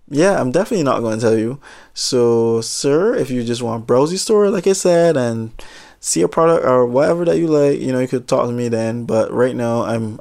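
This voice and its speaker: Gravelly guy telling a storytime vlog, super animated, keeps jumping up high when he's in disbelief. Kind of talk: casual storytime monologue.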